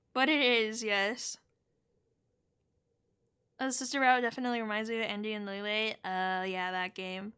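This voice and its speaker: A woman's voice: fairly high pitch, sharp tone, clear, resonant tone. A woman streaming a game live, chatting and giggling as she reacts to chat.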